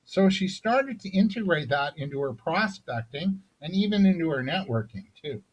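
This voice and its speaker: Male business coach, fairly high husky voice, conversational seminar delivery with frequent tag questions. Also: expressive, moderate pace, lo-fi sound. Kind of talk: recorded sales seminar talk.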